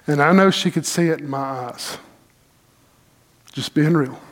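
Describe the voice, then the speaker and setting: Folksy pastor, slightly high voice. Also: male voice. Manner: folksy, animated storytelling with dramatic pauses. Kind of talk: sermon storytelling.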